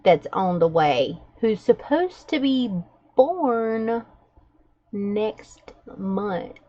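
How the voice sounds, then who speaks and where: A woman hosting a journaling livestream from home, chatting in a relaxed, gossipy way and laughing between stories. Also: medium pitch, drawn-out words, lo-fi sound. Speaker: journaling vlogger, livestream host. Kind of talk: casual gossipy chat while journaling. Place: at home with her dogs nearby.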